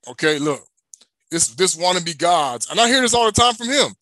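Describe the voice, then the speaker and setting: A man with a high, bright, ringing voice preaches with emphasis. He keeps asking the listener questions and then answering them himself. The sound is close and dry, with no room echo. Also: big pitch swings, moderate pace. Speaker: religious teacher. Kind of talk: preaching to an online audience.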